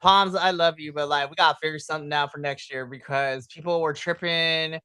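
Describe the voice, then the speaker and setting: A man co-hosting a wrestling podcast, chatting casually and excitably, swearing and acting out his reactions. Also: fairly high pitch, fairly quick, clean tone, dry recording. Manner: excitable, swears, animated retellings with shrieks and laughs. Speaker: podcast co-host. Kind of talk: casual wrestling recap chat.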